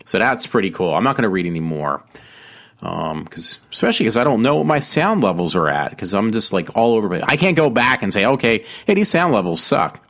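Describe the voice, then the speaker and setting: Fiddling with his home microphone, a man runs his own laid-back solo show, wandering off track and fixing his words amid plenty of ums. He speaks a little fast in a lowish, slightly bright voice with big swings in pitch.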